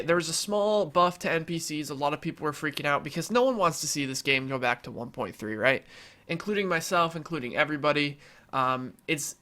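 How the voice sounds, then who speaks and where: A man's voice: fairly high pitch, sharp tone. A young man with a nasal, allergy-stuffed voice, chatting casually over his own gameplay, full of fillers and reassuring his viewers. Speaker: gaming YouTuber.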